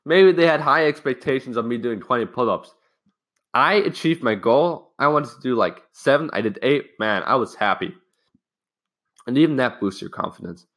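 Animated and a bit bright, this medium-pitched young man speaks at normal speed while hosting a casual self-help podcast. He tells a personal story frankly and loosely, with some swearing. His sentences ramble and restart.

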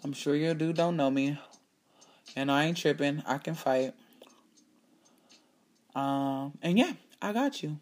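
A woman hosting her own show, telling a personal story in a candid, animated way, swearing freely and acting out what people said. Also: sits low, unhurried. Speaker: podcast host. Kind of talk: casual storytelling monologue.

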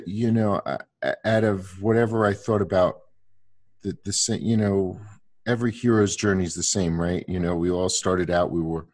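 A man's voice: low-pitched, a little mellow. A man in his sixties in casual conversation, rambling with many restarts and fillers.

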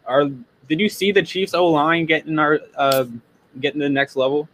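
A man's voice: on the high side, normal speed, a bit bright, rough recording. A man co-hosting a casual sports podcast, blunt and profane, often laughing. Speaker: podcast co-host.

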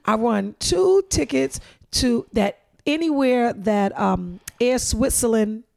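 Animated, gravelly middle-aged New woman. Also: a little high, takes it slowly. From New York. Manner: animated storyteller, bursts into loud exclamations and laughter. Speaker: podcast co-host. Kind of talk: casual chat.

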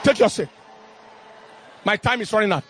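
A middle-aged man preaching a fervent sermon in King James cadence, rising into shouted bursts. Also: high voice, moderate pace, slightly rough.

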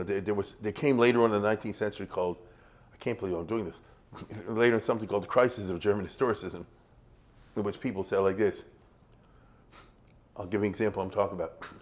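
Middle-aged male lecturer, lowish voice, chatty classroom style, keeps checking students follow. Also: expressive, quick pace, pauses often, a little mellow. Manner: conversational, checks in with "you see?" and "you get it?".

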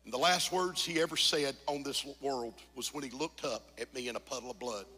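A man preaching a sermon as pastor, moving from quiet confession to shouted, sung climaxes. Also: medium pitch, brisk, breathy edge, in a large hall. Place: church sanctuary.

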